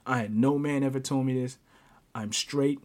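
Animated man telling a story with laughs. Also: medium pitch, moderate pace. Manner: animated, laughing often, stammering restarts. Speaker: podcast host. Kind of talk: casual storytelling.

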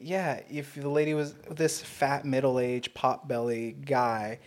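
A man's voice: medium pitch, level tone, slow pace, darkish tone. Blunt man co-hosting a podcast. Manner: blunt, swears casually. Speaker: podcast co-host. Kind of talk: casual podcast chat.

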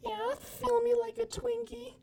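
A man using a voice changer app to play a crude, lewd woman with a pitched-up female voice. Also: monotone, unhurried, a little mellow, slight background noise. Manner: crude, breathy moaning role-play. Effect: voice changer making a female voice.

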